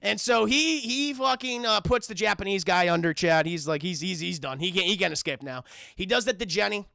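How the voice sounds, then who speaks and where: High gravelly profane streamer man. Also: lively intonation, brisk, pushed and bright, dry recording. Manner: profane, rambling, many fillers. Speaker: streamer reviewing a film. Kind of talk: casual spoiler recap to chat.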